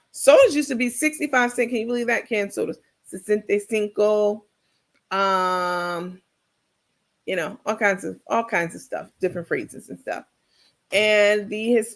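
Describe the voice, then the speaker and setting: A woman giving casual comedic reaction commentary, sassy and laughing, talking straight to her viewers. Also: medium pitch.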